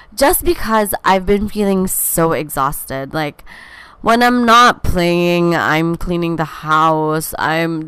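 A young woman hosts a casual, rambling podcast chat from home, sounding tired and talking in a candid, scattered way with lots of fillers and restarts. Her voice is lowish, fairly bright, and clean, with no echo.

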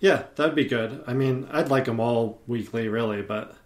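A man of middling pitch talks as a guest on a podcast. He rambles eagerly, circling back with fillers and restarts as he recalls things, speaking into a podcast microphone. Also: normal speed. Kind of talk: casual podcast chat.

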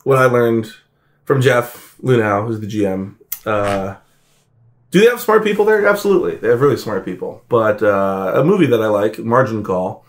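A man speaking as a podcast guest in casual chat, animated and emphatic, swearing and acting out quotes. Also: on the low side, moderate pace.

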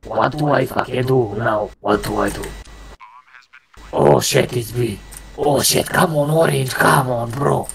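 A man's voice: mid-range voice, measured pace, creaky, a little hiss or hum. A man trolling other players over in-game voice chat, crude and boastful in broken English. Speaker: gamer trolling online players.

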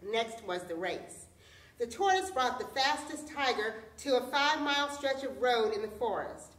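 A woman telling a folktale aloud as storyteller, expressive in delivery. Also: a little high, normal speed. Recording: roomy echo, distant mic.

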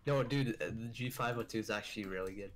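Young guy, gamer friend, excitable, teasing, headset mic. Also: lowish voice, fast talker. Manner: excitable, teasing, with sudden loud yelps. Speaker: friend and co-player. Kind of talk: casual gaming chat.

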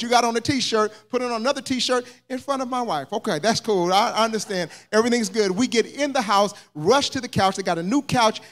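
A man preaching a sermon as pastor, telling a story that builds into fervent, rising preaching. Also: high-pitched. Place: church sanctuary.

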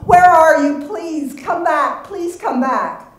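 Woman doing a shrill, desperate mother in a reading, heard from far off in a roomy hall. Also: animated, slow, a little mellow. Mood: frantic. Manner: breathless, pleading, shrill. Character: frantic grieving mother, middle-aged woman.

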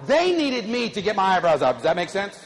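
High-energy male motivational speaker. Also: fairly quick. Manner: high-energy, animated, audience call-and-response. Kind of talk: keynote speech to a live audience. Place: large conference hall. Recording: echoey hall, faint ambience.

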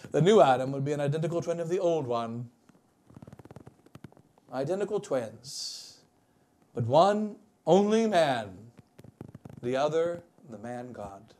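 High-voiced man preaching a sermon. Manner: preaching with wide swings between loud emphasis and quiet asides. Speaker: bishop. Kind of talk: wedding sermon.

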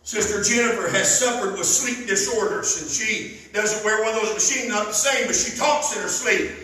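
A man preaching with a high, bright, ringing voice. He tells his stories fervently and breaks into loud emphasis, caught from a distance in a very echoey church hall. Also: normal speed. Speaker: pastor. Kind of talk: sermon. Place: church sanctuary.

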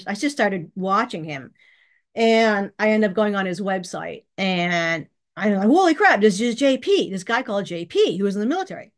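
Chatty woman telling a story. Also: medium pitch. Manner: chatty, laughs often, acts out quoted dialogue. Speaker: channel host. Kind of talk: casual storytelling vlog. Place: bedroom.

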